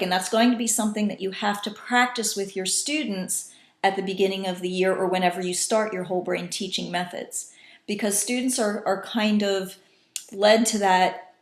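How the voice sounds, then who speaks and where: Woman teacher in an echoey room. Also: mid-range voice. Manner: patient, demonstrating call-and-response in varied voices. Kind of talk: instructional talk to teachers.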